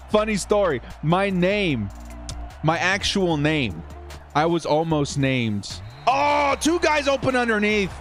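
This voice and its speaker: A young man hosting a live stream, calling a football video game and chatting with viewers in a casual, upbeat way, laughing often and repeating words. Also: on the high side. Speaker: streamer and host of a football simulation channel. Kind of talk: live stream game commentary with chat replies.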